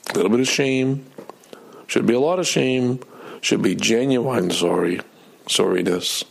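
A man's voice: mid-range voice, a little slow, gravelly, husky. A middle-aged man telling a personal story in a casual, self-deprecating way, acting out his own outbursts.

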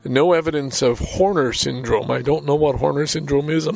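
A man's voice: on the high side, vocal fry. A man in his seventies, a podcast host, talking casually and rambling, reading a report aloud and commenting with self-deprecating chuckles. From Canada. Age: 70s. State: walks with a walker. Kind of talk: casual solo monologue.

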